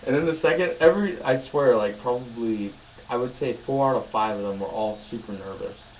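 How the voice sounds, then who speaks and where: A man's voice: mid-range voice, a little fast, a little hiss or hum, rough recording. A young man vlogging in a casual chat, telling rambling, upbeat stories full of fillers.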